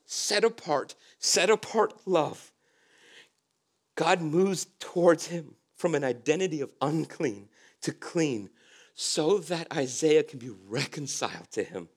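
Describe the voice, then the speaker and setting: A man delivers a sermon as pastor, his voice sitting a bit higher than most men's. He leans on repeated phrases for emphasis and often sinks into soft, low lines. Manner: emphatic preaching with repetitions and sudden drops to soft tones.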